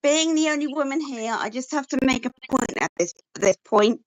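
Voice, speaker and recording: A woman's voice: high voice, normal speed, no room sound, rough recording. A woman in a casual chat, firmly interjecting to make her point.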